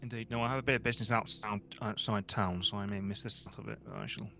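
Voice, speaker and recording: A man plays a courteous, old-fashioned townsman who speaks low and rattles his words off fast. He stays formal and proper, always politely on his way somewhere else. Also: fairly even intonation, bright, forceful tone.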